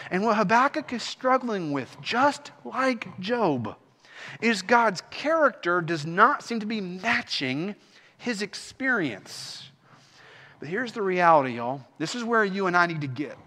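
A man's voice: high-pitched, lively intonation, measured pace, a bit bright, long reverb tail. A man preaching an earnest sermon as pastor, rising into impassioned pleas.

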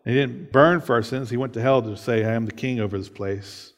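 A man's voice: mid-range voice, fairly quick, big-room sound. A man preaching a sermon, reading scripture aloud and explaining it in a casual way, often checking in with "right?". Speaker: pastor.

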